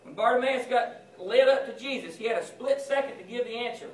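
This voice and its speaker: With a very high voice and a fairly quick delivery, this man gives an informal chapel sermon to school students, conversationally acting out Bible scenes in different voices. The echoey recording is captured from far away, with slight background noise.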